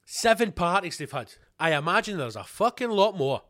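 Sweary Scottish man ranting, high-pitched. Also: very animated, normal speed, pushed and bright, no room sound, studio quality. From Scotland. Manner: angry, sweary, emphatic, rhetorical questions. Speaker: podcast host. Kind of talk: ranting monologue.

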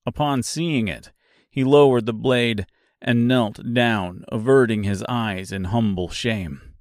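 A male narrator reading a dark fantasy novel aloud at an unhurried pace. His voice sits in a middle pitch, and the recording is dry and close with no room sound. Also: no echo. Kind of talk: audiobook narration.

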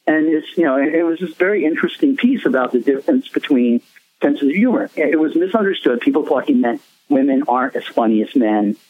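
A man's voice: a little high, lively intonation, fairly quick, no room sound. A man, a musician guest, telling rambling stories in a casual interview, laughing often. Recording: tinny phone line, dry.

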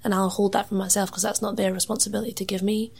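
Chatty creaky-voiced woman musician. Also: medium pitch, level tone, fast, darkish tone. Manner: chatty, laughs often, says "like" a lot; acts out other people's lines in quoted voices. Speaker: musician and MC, podcast guest. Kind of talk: casual interview chat.

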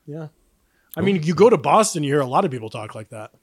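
A man's voice: fairly high pitch, sing-song, fast talker, breathy edge, no room sound, clean studio sound. A man co-hosting a podcast, telling stories in casual chat, acting out quotes and laughing often. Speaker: podcast co-host.

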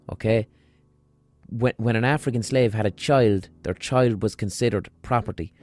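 A man with a Munster Irish accent, hosting a podcast in a blunt, emphatic monologue and swearing freely. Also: fairly low pitch. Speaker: podcast host.

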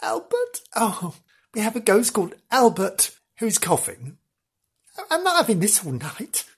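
A man voicing a flustered middle-aged woman on a weekend getaway in a haunted hotel, fussy and excitable, breaking into trilling exclamations. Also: sits high, unhurried, breathy edge, voice pushed up, exaggerated voice.

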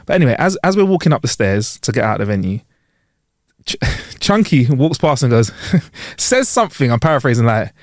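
A man's voice: mid-range voice, fairly quick, no room sound, clean studio sound. A man co-hosting a podcast in casual chat, acting out dialogue as he tells stories and laughing often. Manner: animated storytelling, acts out dialogue, laughs often. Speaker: podcast co-host.

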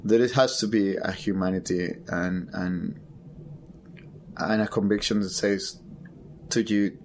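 A photographer's voice sits low, with fairly even intonation, as he tells a personal story in an interview. He halts and repeats words while hunting for them, over a little hiss or hum.

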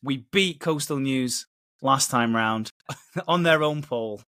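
A man hosts a casual podcast, trading quips and laughing easily. His delivery is relaxed and playful, with an everyday mid-range voice. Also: mid-range voice, slow. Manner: jokey, laughs often. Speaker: podcast host.

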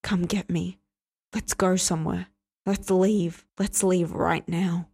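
A man's voice: high voice, little pitch movement, takes it slowly, creaky, breathy edge, exaggerated voice. A woman voicing a frightened young man who pleads in a shaky, crying voice in an audiobook reading. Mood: pleading. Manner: trembling, pleading, hushed. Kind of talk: audiobook character voice.

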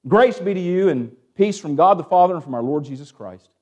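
A man preaching a sermon as pastor, asking the congregation for amens and dropping from raised, urgent lines to hushed ones. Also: sits high, lively intonation, a little fast. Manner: Southern-tinged preaching with call-and-response "amen?", swings from hushed to raised.

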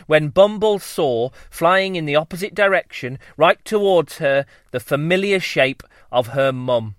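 A man reads a children's story at an unhurried pace, drawing out his words with playful relish. His voice rises and falls a great deal and sits a little high. The sound is close and dry. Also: no room sound. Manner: lively, playful, drawn-out delivery.

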